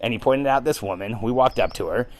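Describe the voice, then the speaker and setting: A man hosting a podcast, telling a story in an animated, excitable way with frequent ums. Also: medium pitch, fast, no echo, poor audio. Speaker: podcast host. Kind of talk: storytelling monologue.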